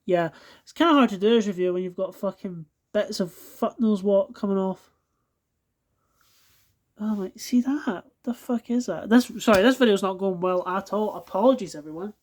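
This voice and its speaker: A Scottish woman talks through an unboxing from her home floor, casual and unscripted. She swears freely, sounds exasperated, and keeps breaking off to apologize to her viewers. Her pitch sits at an everyday middle level for a woman. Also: normal speed, darkish tone. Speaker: toy collector reviewing die-cast cars. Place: at home, indoors on a carpeted floor.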